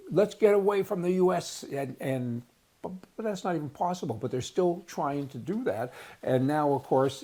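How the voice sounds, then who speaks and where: Guy ranting on his show, keeps repeating words for punch, kinda high pitched but warm and dark. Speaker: host of advocacy newsletter show. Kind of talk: opinion monologue.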